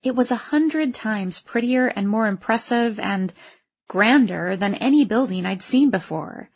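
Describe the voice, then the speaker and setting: A woman's voice: fairly high pitch, expressive, unhurried, husky, highs cut off. A woman narrating a first-person story aloud, in a wry, self-conscious voice. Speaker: audiobook narrator.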